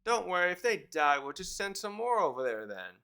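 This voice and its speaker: A man's voice: high voice, big pitch swings, brisk, pushed and bright, smooth, full character voice. A man reading the lines of a gleeful, callous male knight who treats a deadly mission as a game.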